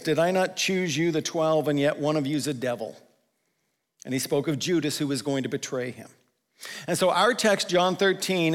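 A male pastor giving a conversational sermon, slowing down to stress the scripture he quotes. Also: on the high side, in a large hall. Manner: conversational preaching, quotes scripture with slowed emphasis.

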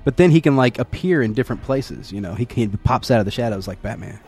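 A man in casual movie chat on a podcast, his pitch sitting in an ordinary middle range. He rambles, trips over repeated words and laughs a lot. He acts out bits of dialogue as he goes. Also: animated, fast, a little mellow. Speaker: podcast co-host.

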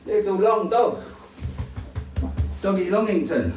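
Guy doing playful baby talk to his puppy, slow and drawn out, far off in a boomy room. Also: expressive, over music. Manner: playful, coaxing, sing-song. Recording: echoey room from far off, faint noise.

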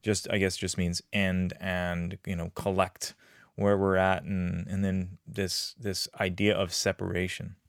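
A man's voice: low-pitched, flat delivery, unhurried, creaky, no echo, studio quality. A man co-hosting a podcast in easygoing casual chat. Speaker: podcast co-host.

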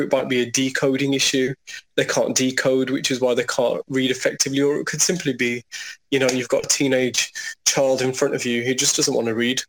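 Steady, flat-toned male teacher. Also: medium pitch. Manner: measured, steady, with frequent restarts. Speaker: school teacher and trust leader. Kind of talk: conversational podcast interview.

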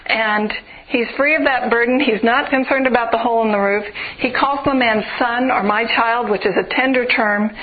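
A woman preaching a sermon, earnest and building through rhythmic repeated phrases. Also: on the high side. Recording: tinny phone-like radio broadcast.

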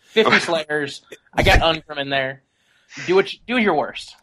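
Podcast guest, man, bright and slightly high voice, chatty and jokey. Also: lively intonation, moderate pace, rough recording. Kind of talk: casual podcast chat.

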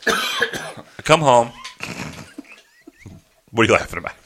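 A man telling an angry customer-service story in casual chat, animated and profane. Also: medium pitch, slow pace, a little hiss or hum. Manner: animated ranting with profanity, quoting people in his voice. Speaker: podcast host telling a story.

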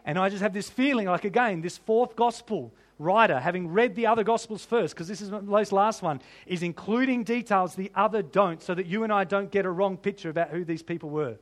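A man's voice: high-pitched, fairly quick, hardly any pauses. A man preaching a sermon as pastor, conversational, with rhetorical questions to the congregation.

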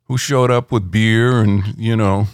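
A middle-aged man, a rock critic, telling anecdotes in a relaxed interview at home, rambling with many fillers. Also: on the low side, measured pace, clean tone, no echo, studio quality.

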